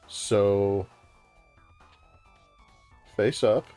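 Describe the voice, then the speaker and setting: A man's voice: lowish voice, fairly even intonation, drawn-out words, mellow, clear, resonant tone, faint music behind. Wry older New man. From New York. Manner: wry, dryly theatrical. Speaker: co-host playing the game. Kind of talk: casual gaming chat.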